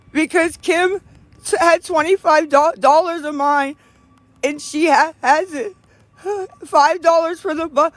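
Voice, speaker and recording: A woman's voice: extremely high pitch, no echo. A young woman from western Pennsylvania, crying and cold, pleading for help on a live stream with heavy sighs. She is outdoors in the cold. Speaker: livestreamer.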